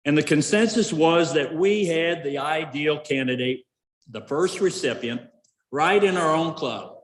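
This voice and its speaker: A man's voice: on the high side, unhurried, echoey room, big-room sound, poor audio. A middle-aged man giving a folksy after-dinner speech, full of fillers and restarts. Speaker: Rotary club member giving award introduction. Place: event hall.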